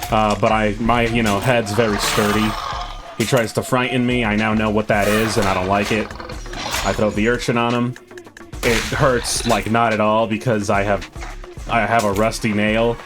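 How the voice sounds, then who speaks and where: Wry low-voiced male game commentator. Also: level tone, normal speed, music in the background. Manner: wry, sarcastic, self-mocking. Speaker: gaming channel host. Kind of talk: gameplay voice-over commentary.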